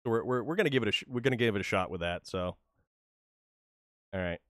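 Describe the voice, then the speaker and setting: A fast-talking livestream gamer from New England, USA, gives expressive, joking commentary on his play in a lowish voice. He tends to repeat words as he launches into sentences, and the studio sound is clean with no echo.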